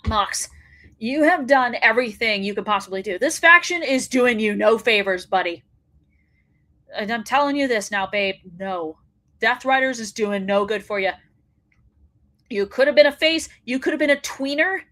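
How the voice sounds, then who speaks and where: A woman hosting her own wrestling show, sounding fired up and blunt, with swearing. Her voice sits a bit high for a woman. She talks straight to her viewers. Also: lively intonation, moderate pace, bright, forceful tone. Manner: fired-up ranting, blunt and profane. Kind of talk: solo commentary show.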